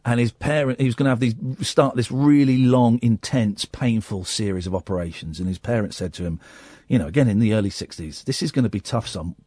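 A man hosting a radio show, telling stories in a casual, animated way, acting out people's lines and going soft and quiet when he is moved. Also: fairly low pitch, brisk, no echo. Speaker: radio host. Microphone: studio microphone.

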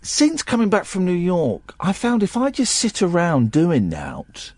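A man's voice: high-pitched, huge pitch swings, measured pace, darkish tone, dry recording. A man hosting a radio show, chatting casually on air in a rambling way with plenty of restarts.

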